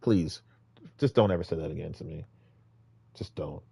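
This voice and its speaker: A man giving casual, rambling street-preaching advice, exhorting listeners with many restarts, swinging between loud emphatic bursts and low mutters. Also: moderate pace, creaky, slightly rough, no room sound.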